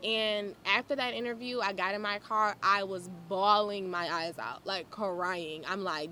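A woman podcast host telling stories in a casual, animated way, laughing and acting out conversations. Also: mid-range voice, moderate pace, hardly any pauses, slight background noise. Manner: animated, laughing, acts out quoted exchanges. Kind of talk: casual storytelling monologue.

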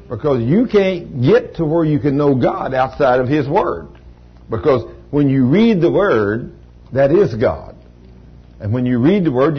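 A man's voice: medium pitch, husky, lo-fi sound. An older man preaching a sermon in a folksy storytelling manner, with plain everyday grammar.

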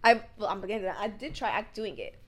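A woman's voice: mid-range voice, fast talker. A young woman co-hosting a podcast in casual chat, telling stories full of "like" fillers. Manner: chatty, lots of "like" fillers, animated storytelling. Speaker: podcast co-host.

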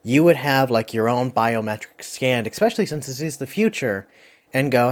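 A man hosting a movie review game, talking casually and rambling with many fillers. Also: medium pitch. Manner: rambling, lots of fillers and quick asides. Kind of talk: casual chat.

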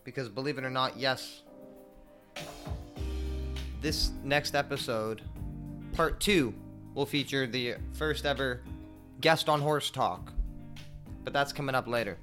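A man hosting his own podcast in casual solo chat, rambling and profane as he tells stories, laid-back, with mumbled asides and sudden loud bursts. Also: mid-range voice, slow, pauses often, faint music behind. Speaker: podcast host.

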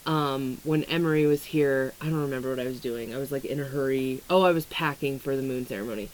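Speaking fast in a bass voice on a rough recording, a young woman who creates astrology content chats casually about her weight struggles and astrology. Her vlog talk is rambling and frank, full of swearing, "like," and "um."

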